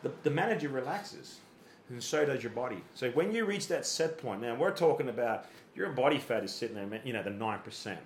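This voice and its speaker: A man's voice: mid-range voice, expressive, fairly quick, slight background noise. A man coaching athletes, explaining things in a podcast conversation with everyday analogies and little acted-out quotes, often repeating words as he thinks. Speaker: fitness coach. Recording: roomy echoey room.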